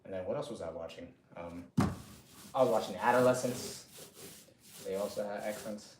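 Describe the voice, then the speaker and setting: A man's voice: fairly low pitch, moderate pace. A man giving casual, chatty commentary to himself while painting a bathroom, with slangy asides. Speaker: DIY home renovation vlogger. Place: small bathroom being renovated, indoors. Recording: echoey small room, far from mic, background noise.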